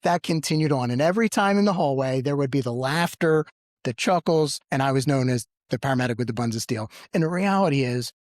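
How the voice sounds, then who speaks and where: A man, a paramedic co-hosting a podcast, telling a story with lively jumps in pitch when he quotes people. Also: brisk, no echo, clean studio sound. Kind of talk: storytelling in casual podcast chat.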